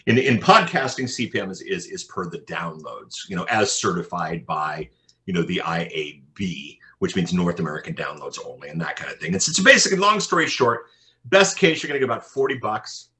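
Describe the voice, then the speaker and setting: A man, a podcast consultant, telling animated anecdotes in an interview, often repeating his words as he goes. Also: deep voice, brisk. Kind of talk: interview storytelling.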